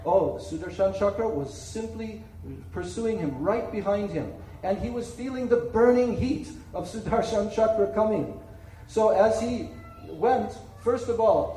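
A man's voice: high-pitched, mellow, slight background noise. A man giving a sermon, telling a sacred story dramatically and checking in with listeners. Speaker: spiritual speaker. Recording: echoey room, distant mic, faint ambience.

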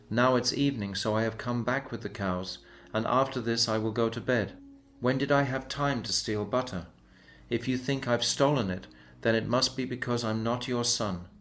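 A man's voice: medium pitch, close to an everyday voice. A man reading the lines of an indignant young cowherd boy in a devotional story, pleading and protesting.

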